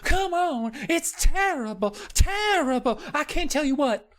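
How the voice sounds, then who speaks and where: A terrified little redhead girl: very high, shrill, wildly swinging pleas, played for laughs. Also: lively intonation, unhurried, a bit bright. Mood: frantic, terrified. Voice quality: shrill, panicky pleading. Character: terrified little freckled red-haired girl, frantic. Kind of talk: comedic recap with put-on voices.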